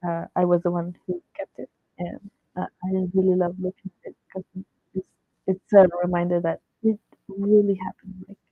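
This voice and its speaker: A woman's voice: mid-range voice, gravelly, breathy edge, no room sound. Giggly woman telling a fan story. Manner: excited, gushing, giggly. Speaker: fan artist vlogger. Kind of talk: casual story time. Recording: tinny phone-like, dry.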